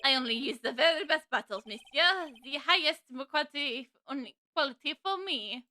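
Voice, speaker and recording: Snobbish game chef with a bad French accent, high and lively — woman voicing. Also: a little fast. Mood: haughty. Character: bumbling male chef with a fake French accent.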